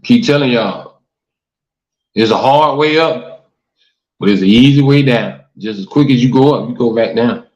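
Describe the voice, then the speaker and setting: A man's voice: mid-range voice, normal speed, long pauses. Man hosting a livestream, earnest, preachy, echoey room, dull lo-fi audio. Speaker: talk show host. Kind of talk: casual livestream talk reading comments. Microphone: livestream mic.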